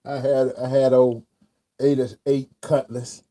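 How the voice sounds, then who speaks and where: A man with a mellow, warm voice hosts a casual interview. He reminisces in an unhurried, laid-back manner and keeps answering his guest with "yes, sir.". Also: mid-range voice, level tone. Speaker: host.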